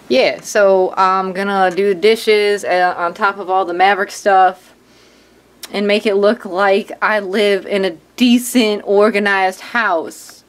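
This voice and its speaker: Chatty woman vlogger with folksy slang. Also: mid-range voice. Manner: rambling and upbeat, with folksy slang. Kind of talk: casual chat to camera. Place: at home.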